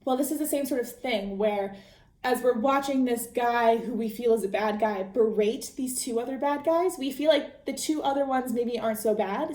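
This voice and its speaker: A woman's voice: a little high, mellow, roomy sound. A young adult woman hosting a podcast, chatting casually through a book recap, laughing often and full of fillers. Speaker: podcast host.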